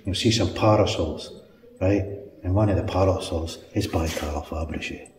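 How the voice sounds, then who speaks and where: A man's voice: sits low, normal speed, a little mellow. A middle-aged Scottish man guiding a castle tour in a chatty, storytelling way, chuckling as he goes. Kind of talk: casual chat and guided tour. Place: large castle room indoors. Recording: echoey hall from far off with noise.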